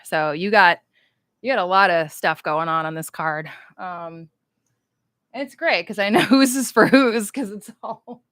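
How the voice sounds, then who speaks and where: A woman's voice: fairly low pitch, a bit bright, clean tone, no room sound. A woman chatting casually and playfully on a livestream as she signs cards, rambling as she writes. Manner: chatty, rambling, talks while writing; playful and upbeat. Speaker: voice actress signing cards on a livestream.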